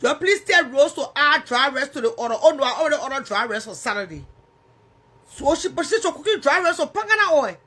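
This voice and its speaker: A brisk, sing-song delivery marks this high, pushed, bright female voice. The Liberian-accented livestream host keeps things casual, chatting with viewers and poking fun at them while she reads their comments.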